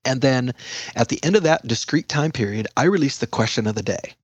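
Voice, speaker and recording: A middle-aged man, a guest educator in a podcast interview, talking in an energetic, chatty way with jokey asides. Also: mid-range voice, husky, dry recording.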